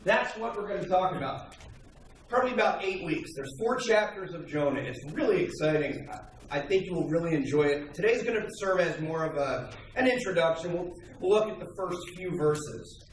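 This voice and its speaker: A man preaching a sermon to his church, opening with jokes and an animated story. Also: high-pitched, moderate pace, far from the mic, slight background noise. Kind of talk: sermon with light humor. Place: church hall. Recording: very echoey hall, picked up from afar.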